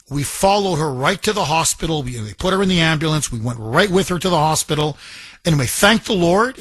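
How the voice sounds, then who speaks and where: Fired-up talk radio guy, kinda husky, dry close mic, a bit high for a man. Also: a bit bright, no room sound. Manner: impassioned, repeats himself when worked up. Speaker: radio talk show host.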